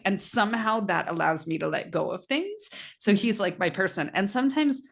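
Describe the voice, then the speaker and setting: A middle-aged woman co-hosting a podcast, telling stories in a casual, animated chat, often quoting herself and laughing. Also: mid-range voice, normal speed, hardly any pauses. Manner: animated storytelling with laughs and quoted asides. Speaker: podcast co-host.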